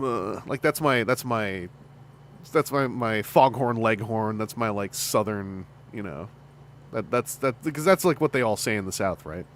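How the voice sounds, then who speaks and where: Brief: chatty male streamer, around forty, lively up-and-down delivery, laughs a lot. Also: mid-range voice, normal speed, slight background noise. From Canada. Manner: animated, chatty, laughing often. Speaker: streamer host and fan voice actor. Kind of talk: casual livestream chat.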